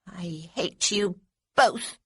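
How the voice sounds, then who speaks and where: A woman reading an audiobook, voicing a prim and stubborn little girl in a high, small childish voice. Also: big pitch swings, measured pace, breathy edge, dry recording, heavily acted. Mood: furious.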